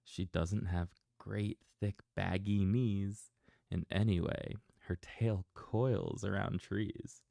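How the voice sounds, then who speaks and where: A man's voice: deep voice, steady tone, slow, gravelly, warm tone, no room sound, studio quality, exaggerated voice. A man voicing a little lost baby monkey in a bedtime storybook reading, speaking insistently in rhyme. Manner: insistent, rhyming storybook lines.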